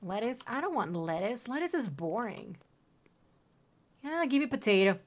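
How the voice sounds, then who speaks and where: A woman's voice: a little high, very animated, moderate pace. A young woman streaming a game, chatting casually and cooing at her in-game pets. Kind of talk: casual gameplay commentary.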